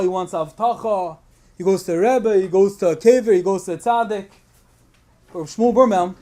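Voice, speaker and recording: A man with a high voice delivers a storytelling sermon at a religious program. He speaks earnestly, and the emotional weight of his telling keeps building. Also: mellow. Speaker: speaker at a Tisha B'Av program.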